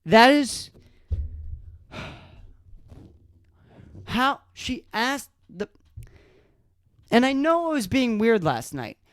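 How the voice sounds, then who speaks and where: Slow-talking, chuckling podcast host man. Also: very high-pitched, big pitch swings, a bit bright, no room sound. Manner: amused, often breaks into laughter while retelling; halting, restarts sentences. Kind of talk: casual solo storytelling.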